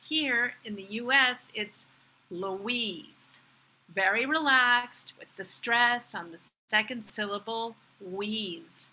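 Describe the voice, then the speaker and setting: American woman teaching pronunciation; bright, clear, unhurried delivery with modeled words. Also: a little high, low-quality recording. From United States. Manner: slow, clear, demonstrates pronunciations. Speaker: English pronunciation coach. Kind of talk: presentation talk at a virtual fair.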